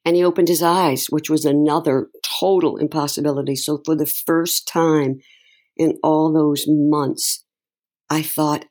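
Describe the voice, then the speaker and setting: A middle-aged woman, an interview guest, recounts a personal story in conversation, speaking emotionally and haltingly with many restarts. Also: low voice, steady tone, a little mellow.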